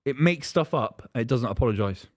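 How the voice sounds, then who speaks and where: Animated man on a live stream. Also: mid-range voice, a little fast, no room sound, studio quality. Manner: animated, jokey. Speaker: podcast co-host. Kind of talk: casual chat on a live stream.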